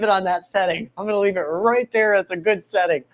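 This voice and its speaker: A man's voice: sits high, fairly even intonation, brisk, highs cut off. A man hosting a casual live stream, talking to his viewers in a nervous, joking way and laughing often. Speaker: live video host and recovery speaker.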